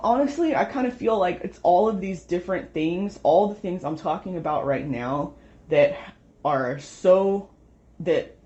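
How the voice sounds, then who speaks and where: A woman's voice: lowish voice, darkish tone. A young woman venting at home in a rambling, frustrated way, swearing often. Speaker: vlogger. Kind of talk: casual venting monologue. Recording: dull lo-fi home recording.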